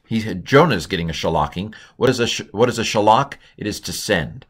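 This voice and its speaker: A man teaching a casual recorded lesson, thinking aloud with fillers and restarts, slowing down to sound out foreign words. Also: lowish voice, expressive. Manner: slows and stretches words when pronouncing Hebrew. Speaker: Hebrew teacher. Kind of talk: informal recorded language lesson.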